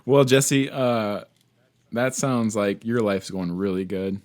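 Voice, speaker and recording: A man co-hosting a casual podcast, asking questions calmly and supportively. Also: on the low side, takes it slowly. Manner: calm, supportive interjections. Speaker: podcast co-host.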